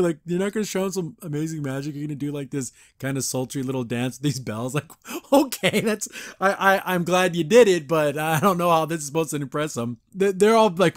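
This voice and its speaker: A man's voice: fairly high pitch, expressive, moderate pace, dry recording. A man hosting a podcast, giving a casual, opinionated and easily amused review of a cartoon episode into a close microphone. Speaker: podcast host.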